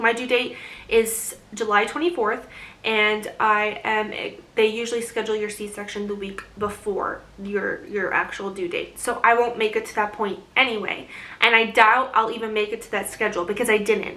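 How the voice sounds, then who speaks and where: Young woman, casual vlog chat, rambling, out of breath, bright tone, fairly high pitch. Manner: chatty and rambling, laughs often. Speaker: vlogger. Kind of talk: casual pregnancy update vlog.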